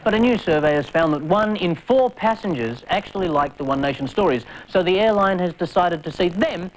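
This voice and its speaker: A man presenting satirical news in a dry, deadpan way. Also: high-pitched, a little fast, background noise.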